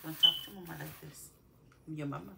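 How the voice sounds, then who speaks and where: A woman's voice: low voice, fairly even intonation, brisk, vocal fry, pushed and bright. A woman talking as a mother in casual family chat, playfully scolding her child.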